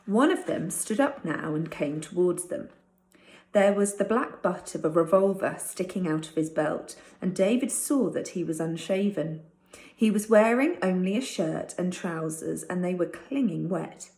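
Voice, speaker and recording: A woman's voice: lowish voice, expressive, a little slow, darkish tone. A woman teacher reading a chapter of a storybook aloud to her class. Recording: roomy echo.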